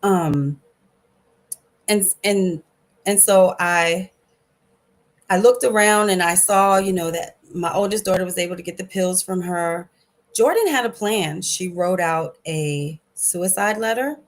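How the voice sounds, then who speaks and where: A middle-aged woman sharing a personal testimony at a support group, speaking earnestly and haltingly over a video call. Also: lowish voice.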